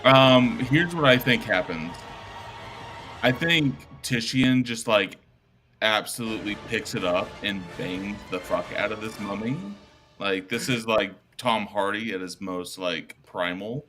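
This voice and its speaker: A man's voice: lowish voice, a little slow, bright, forceful tone, faint music behind. A man playing a tabletop game, talking emphatically and profanely with lots of "like". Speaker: player. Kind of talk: casual tabletop game chat.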